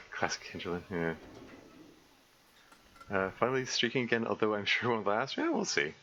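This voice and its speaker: A man with a very low, bright-toned voice chats his way through a survival game on a live stream, stumbling over restarts and correcting himself as he goes. The recording is a little dull and lo-fi, with a faint hiss underneath. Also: expressive, moderate pace. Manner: rambling, self-correcting, frequent stammered restarts. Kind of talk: casual live-stream commentary. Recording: slightly dull lo-fi mic with faint noise.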